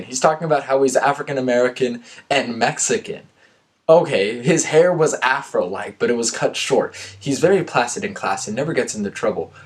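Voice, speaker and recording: A young man reading aloud a story he wrote as a kid, breaking off for sarcastic, self-mocking asides. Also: medium pitch. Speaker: vlogger reading his old story. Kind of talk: reading aloud with joking commentary.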